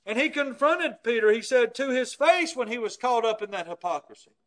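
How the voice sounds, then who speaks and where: Man, preacher, sermon, high voice, emphatic, pleading. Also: animated, fairly quick, fairly bright tone. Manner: emphatic, rising to pleading intensity on scripture.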